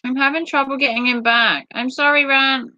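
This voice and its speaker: A woman hosting a casual livestream who reads viewer comments aloud, flustered and apologetic as she thinks out loud. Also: sits high, steady tone, normal speed, no room sound, muffled recording. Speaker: livestream host. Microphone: tablet device.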